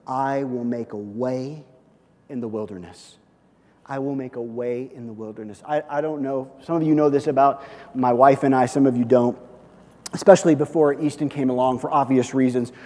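A male pastor preaching a sermon in a lively, conversational way, often checking in with "okay?" and "listen". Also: mid-range voice. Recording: long reverb of a large hall.

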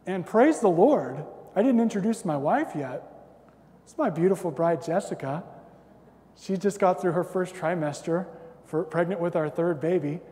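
Man, thirties, pastor, sermon, conversational, slightly high voice, long hall reverb. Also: lively intonation, moderate pace, mellow. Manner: conversational and self-deprecating, with acted-out stories.

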